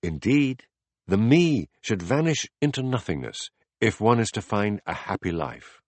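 A calm, patient philosopher, read by a man, lays out his ideas in a measured, deliberate way. His voice sits low, and the audiobook recording is dry and close with no room sound. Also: dry recording. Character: calm, patient male teacher explaining ideas. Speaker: philosopher in a dialogue. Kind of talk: audiobook dialogue reading.

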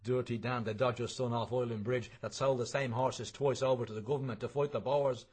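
A man's voice: medium pitch, fairly even intonation, fairly quick, a little mellow, husky. A man reading a novel aloud in a wry, conversational storytelling way. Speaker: reader.

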